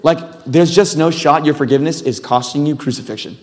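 A man's voice: fairly high pitch, a little fast, in a large hall. A male pastor preaching a sermon in a loose, casual way, with rambling, self-deprecating asides.

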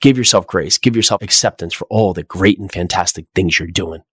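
A middle-aged man hosting a motivational podcast, speaking with energetic, repetitive emphasis and rhetorical questions. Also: deep voice, a little fast, breathy edge, no echo, studio quality. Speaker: podcast host.

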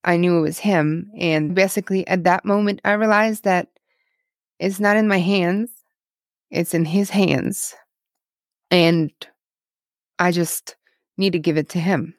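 A woman's voice: lowish voice, fairly even intonation, measured pace, pauses often, no room sound, studio quality. A woman from Ukraine, a guest in an interview, telling her faith story in an earnest, emotional way with many repetitions. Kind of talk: personal testimony in a podcast interview.

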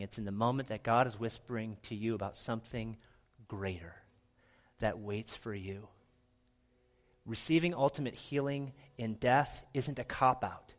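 A middle-aged man preaching a sermon as pastor, earnest, often dropping to a soft, hushed delivery for emphasis. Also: medium pitch.

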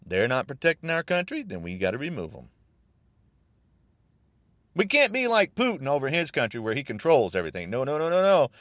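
An American man delivering an agitated political rant, repeating himself and swinging between raised outbursts and low muttering. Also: huge pitch swings, a little fast, pauses often, a bit bright, no echo. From United States.

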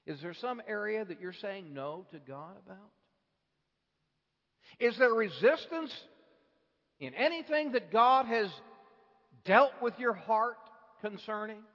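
Slow preacher with high voice in reverberant hall. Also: male voice, expressive. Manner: builds from hushed to impassioned, slow deliberate phrasing. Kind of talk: sermon. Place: church hall. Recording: dull lo-fi recording with long hall reverb.

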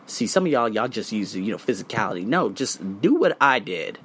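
Solo male podcast host, lively swooping delivery, blunt and profane, hype bursts then low asides. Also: fairly quick, slight background noise. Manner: blunt, profane, emphatic ranting; hype, swinging between loud and low asides.

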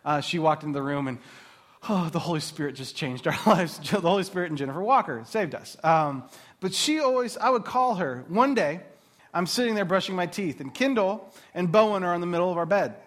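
Guy in his thirties telling stories at a moms' faith talk, kinda high voice, laughs at himself a lot. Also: lively intonation, brisk. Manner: warm, rambling storyteller who laughs at himself. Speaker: speaker at a Christian mothers' gathering.

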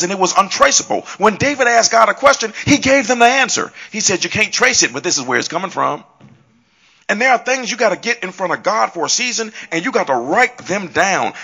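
Guy preaching on a christian talk show, sharp bright voice, husky, really emphatic. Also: sits high. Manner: emphatic, builds to punchy repeated lines.

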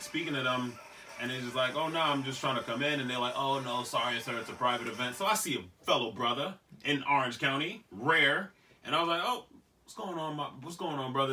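Laughing slangy man telling stories, bright and distant. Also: medium pitch, a little hiss or hum. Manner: laughing storyteller, slangy, acts out quoted voices. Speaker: podcast host. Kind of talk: casual chat.

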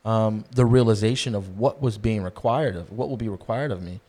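A man talking earnestly about being called to ministry, halting often with ums and restarts. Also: fairly low pitch, a little mellow. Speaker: guest aspiring to ministry. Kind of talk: casual Christian discussion.

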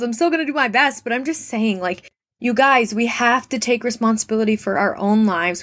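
A woman's voice: on the high side, fairly bright tone. A young woman hosting a motivational podcast, talking straight to her listeners in an earnest, encouraging way with lots of questions. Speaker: podcast host.

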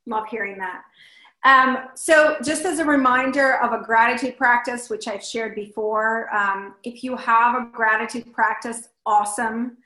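A woman giving an animated motivational talk, acting out her own inner voice in little scenes. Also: fairly high pitch, unhurried, reverberant, poor audio. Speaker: host and speaker.

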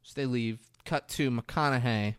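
A man recapping a film in casual chat, animated and profane, acting out the lines he quotes. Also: mid-range voice, unhurried, clear, resonant tone, no room sound, studio quality. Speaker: podcast co-host.

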